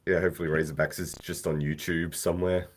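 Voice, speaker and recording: A man's voice: low-pitched, little pitch movement, fast talker. A young man with an Australian accent co-hosting a casual movie-watching podcast, making dry, wry remarks. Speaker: podcast co-host.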